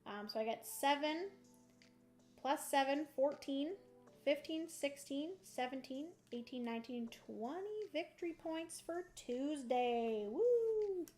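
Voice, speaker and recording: Bubbly high-voiced woman streaming board games. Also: unhurried, darkish tone, soft background music. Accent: playful put-on country twang. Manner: bubbly and playful, narrating moves aloud. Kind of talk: chatty solo board game livestream.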